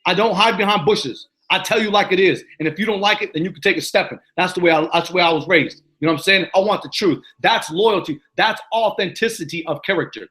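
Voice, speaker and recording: Blunt high-voiced man giving motivational talk. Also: fast talker, hardly any pauses, bright, forceful tone. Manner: blunt, emphatic, plain-spoken. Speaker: coach.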